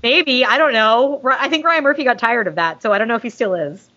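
A woman's voice: a little high, animated, brisk, bright, forceful tone, a little hiss or hum. A woman hosting a podcast, chatting casually and gushingly, with jokey asides. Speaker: podcast host reading listener mail. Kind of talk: casual fan chat. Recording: dull lo-fi sound.

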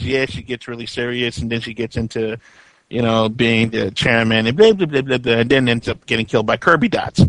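A podcast co-host chats casually, rambling, swearing offhandedly and laughing often. His mid-range voice is a bit bright, recorded on a podcast mic with no room sound but low overall quality.

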